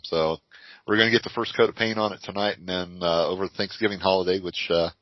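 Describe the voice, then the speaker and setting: A man's voice: sits low, fast, no echo. An older man co-hosting a podcast, chatting casually and telling stories with frequent laughs. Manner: lively storyteller with frequent laughs. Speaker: podcast co-host. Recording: dry, dull lo-fi audio.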